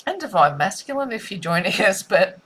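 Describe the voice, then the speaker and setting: A woman's voice: medium pitch, sing-song, fairly quick, fairly bright tone, slightly rough, low-quality recording. A woman giving a spiritual tarot reading, musing and repetitive in a soothing way. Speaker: tarot reader.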